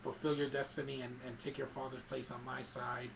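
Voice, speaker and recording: A man's voice: medium pitch, little pitch movement, brisk, gravelly, close to an everyday voice. A man voicing a gloating old male evil emperor on a dull lo-fi recording with faint hiss.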